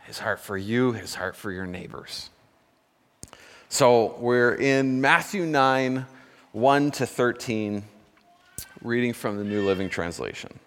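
A man's voice: medium pitch, animated, slow pace, long reverb tail. A man preaching a sermon as pastor, telling stories in a conversational way at a church service. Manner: storytelling, conversational with self-corrections.

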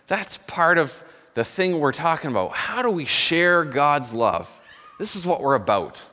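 A man's voice: medium pitch, a bit bright, big-room sound. A man preaching a sermon as pastor, telling stories in a conversational way at a church service. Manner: storytelling, conversational with self-corrections.

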